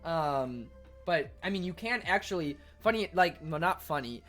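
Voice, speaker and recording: A man streaming live in a casual chat, reading viewers' messages aloud and answering them while he eats, quick to argue and defensive. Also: on the high side, animated, a bit bright, faint music behind.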